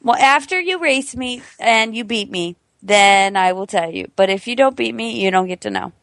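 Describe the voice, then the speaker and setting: A woman's voice: mid-range voice, moderate pace, gravelly, a bit bright, no room sound. A woman hosting a podcast, chatting in a playful, teasing way. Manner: playful, teasing, laughs often. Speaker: podcast host. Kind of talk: casual chat.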